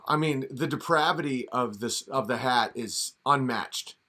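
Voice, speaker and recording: A man's voice: medium pitch, slow, pushed and bright. A man ranting and mocking in a commentary video, often slipping into sarcastic impressions.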